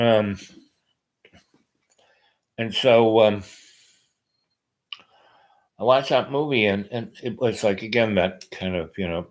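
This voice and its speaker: A man's voice: on the low side, slow, pauses often, a little hiss or hum, low-quality recording. A man hosting a podcast, talking in a meandering casual monologue with many fillers and restarts. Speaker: podcast host.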